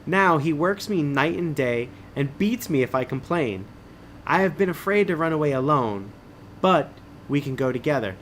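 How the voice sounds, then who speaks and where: A man's voice: fairly high pitch, expressive, normal speed, a bit bright, a little hiss or hum. Michelle, a man reading as a young orphan girl. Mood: eager. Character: young orphan girl with long braids, eager.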